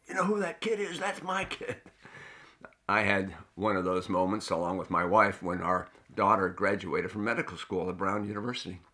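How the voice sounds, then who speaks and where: A middle-aged man preaches a sermon with earnest, storytelling warmth and lively emphasis. His voice sits somewhat low yet sounds bright and forward. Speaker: pastor.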